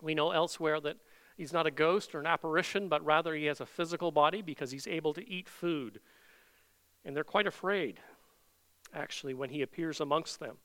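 A man preaching an expository sermon, reading scripture aloud earnestly and slowing down to stress the quoted words. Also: on the high side, fairly bright tone.

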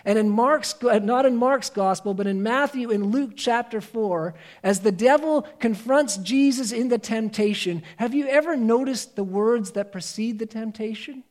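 A man preaching a sermon in an earnest, emphatic way, moving between raised and hushed delivery. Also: very high-pitched, normal speed, hardly any pauses.

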